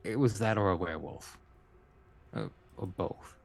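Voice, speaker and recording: A man's voice: on the low side, unhurried, gravelly. A man playing a tabletop game, rambling and correcting himself as he talks. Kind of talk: casual game table talk.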